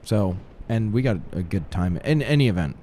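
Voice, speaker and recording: A low-pitched man talks through a video game with a lively, swooping delivery. His voice is mellow and dark, and he sounds blunt and exasperated, cursing freely. A faint hum of room noise sits behind him. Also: normal speed. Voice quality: blunt and exasperated, swears often. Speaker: gaming channel co-host. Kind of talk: casual gameplay commentary.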